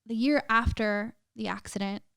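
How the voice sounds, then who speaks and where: Smooth-voiced young woman telling a story. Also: a little high, moderate pace, fairly bright tone, no room sound, studio quality. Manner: emotional, many "like" fillers, swearing. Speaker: podcast guest. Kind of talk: casual storytelling.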